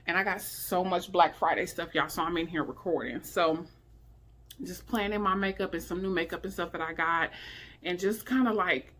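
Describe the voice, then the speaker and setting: A middle-aged woman at home, talking candidly to her viewers in a rambling, emotional way, sounding weary and low. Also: normal speed, a bit bright. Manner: emotional, heartfelt, rambling with many fillers. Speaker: vlogger. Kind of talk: candid personal vlog talk. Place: indoors at home.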